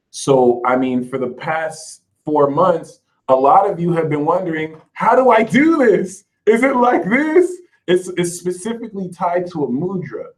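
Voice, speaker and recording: A man's voice: on the high side, darkish tone, rough recording. A man hosting his own channel, giving a casual spiritual talk straight to his viewers in a chatty way. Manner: chatty, addresses viewers directly as y'all. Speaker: spiritual reader and channel host.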